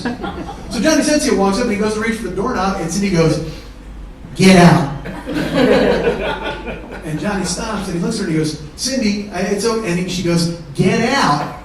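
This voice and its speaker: A middle-aged man telling a profane, animated comedy story in a live one-man show, his voice jumping into shouts. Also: high voice, fast talker. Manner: animated, profane, shouts quoted kids' lines. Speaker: stand-up comedian. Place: live theater stage with audience laughing. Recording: echoey, distant theater recording with noise.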